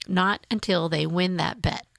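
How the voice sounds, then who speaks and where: A woman's voice: lowish voice, steady tone, measured pace, gravelly, no echo, clean studio sound. A woman voicing a patient female instructor at a dealer school, matter-of-fact and reassuring.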